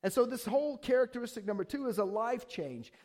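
A pastor giving a conversational sermon, eager and excited, often restarting his sentences and asking the room rhetorical questions. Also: very high voice, quick pace.

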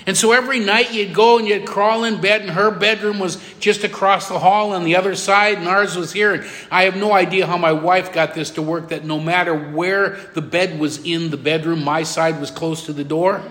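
A middle-aged man, a pastor preaching a sermon with emphatic repetition and soft drops for tender moments. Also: high-pitched, steady tone, normal speed, few pauses. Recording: long hall reverb.

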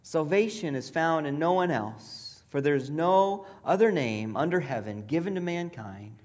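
A pastor preaching a sermon in a reflective storytelling way, asking questions aloud and dropping to a soft near-whisper for quoted words. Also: medium pitch, expressive, moderate pace.

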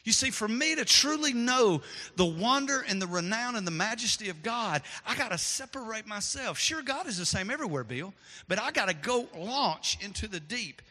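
A man preaching a sermon as pastor, swinging from loud to hushed, in a church sanctuary. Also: high voice, lively intonation, moderate pace. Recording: long hall reverb.

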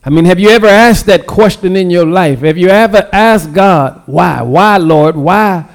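A man's voice: high-pitched, clean tone. A man preaching a livestreamed sermon, drawing the congregation into call and response and repeating his phrases. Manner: slow, drawn-out delivery. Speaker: pastor.

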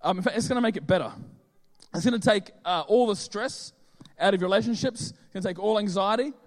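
A man preaches in a loose, joking way, filling his pauses with ums and uhs. His voice sits high for a man. It rings out with a long reverb through a large hall. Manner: chatty, joking, many fillers. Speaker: pastor. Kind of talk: casual sermon. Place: church hall with audience.

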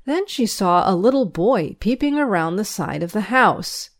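A woman reading a school paper aloud, its news and its stories, in a measured, expressive storytelling way. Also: mid-range voice. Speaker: reader.

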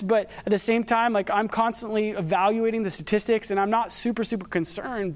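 A man preaching a sermon as a pastor, talking in a conversational way and telling personal stories. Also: high-pitched.

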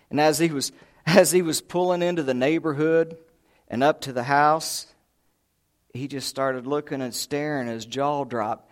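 A man's voice: a little high, steady tone, measured pace. A man preaching a sermon, a folksy storyteller who acts out voices and chuckles. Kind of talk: sermon with humorous stories. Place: church sanctuary.

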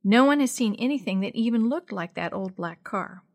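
A woman voicing a kind, steady middle-aged father who calms the children and gives orders. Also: medium pitch, normal speed. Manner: calm, reassuring, gives orders.

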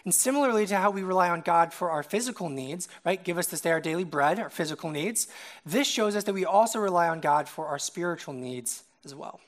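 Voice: mid-range voice, lively intonation, fairly quick. A young adult preacher giving a casual, conversational sermon, often checking in with the listeners by asking "right?".

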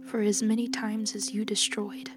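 A woman as a soft-spoken, calm young healer. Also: medium pitch, lightly acted. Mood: grave. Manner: soft, calm, measured speech. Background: music.

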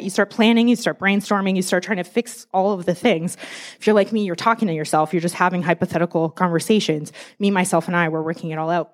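A young adult woman giving a casual, chatty sermon. She is animated and self-deprecating, and she laughs often. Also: lowish voice. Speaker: church speaker.

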